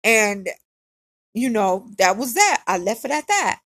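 A woman's voice: a little high, sing-song, unhurried, a bit bright, no echo. A woman casually telling a personal story in a candid, conversational way, often repeating phrases for emphasis.

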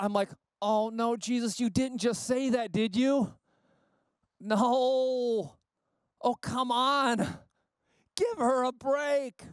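A male pastor giving a sermon in a conversational, animated way, with frequent asides. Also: very high-pitched, clean tone, no room sound.

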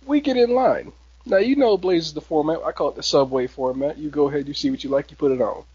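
Young man, lively storyteller voice slightly high, dry dull recording, laughs through his tale. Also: quick pace, husky, no echo. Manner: animated storyteller, laughs often, acts out quotes. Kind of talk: casual chat, storytelling.

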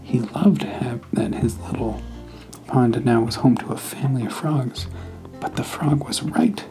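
A man hosting a podcast, telling a bedtime story in a soft, hushed, partly whispered voice. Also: medium pitch, music in the background, low-quality recording. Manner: slow, hushed, half-whispered. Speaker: podcast host.

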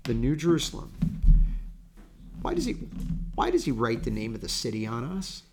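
A man's voice: mid-range voice, huge pitch swings, normal speed, background noise. A middle-aged man teaching a Bible study in an earnest, folksy way, with storytelling asides to his class.

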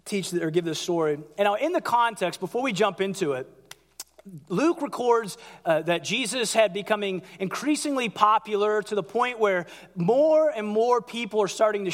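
A man preaching a sermon as pastor, animated, acting out quotes in a raised voice. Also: sits high. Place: large church hall. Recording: church hall with long reverb.

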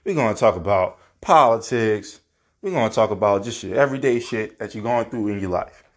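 A man's voice: fairly low pitch, lively intonation, a little fast. A man from New Orleans hosting his own podcast alone, talking casually and emphatically with plenty of swearing and the odd rant. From New Orleans, Louisiana. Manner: profane, ranting, emphatic. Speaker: podcast host. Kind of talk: casual solo podcast monologue. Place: apartment at home.

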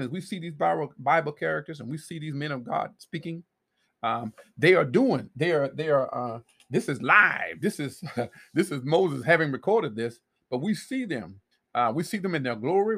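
Gravelly, lively-voiced male preacher. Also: fairly high pitch. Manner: animated preaching with many restarts and scripture reading. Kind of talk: sermon.

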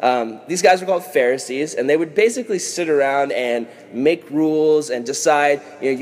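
A man teaching a casual Bible lesson to kids as a youth pastor, animated and jokey, acting out characters. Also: fairly high pitch, normal speed, few pauses. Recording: long hall reverb.

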